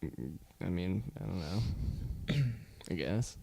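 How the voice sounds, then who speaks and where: A male co-host from the States, talking with a fairly low voice. He stays laid-back and sparing with words, dropping quick reactions and dry, sometimes profane remarks into the conversation. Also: expressive, vocal fry, mellow, slightly rough. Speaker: podcast co-host. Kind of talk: casual chat.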